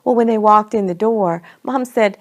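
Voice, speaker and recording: A woman telling a homey family story in an unhurried, conversational way. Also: mid-range voice. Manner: homey, unhurried, slips between we and they. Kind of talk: storytelling to children.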